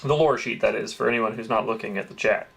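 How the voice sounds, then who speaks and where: A man's voice: lowish voice, fast talker, vocal fry, fairly bright tone, husky. A man hosting a crafting livestream, chatting casually and answering his chat as he works. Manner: chatty, reads and greets chat, swears lightly.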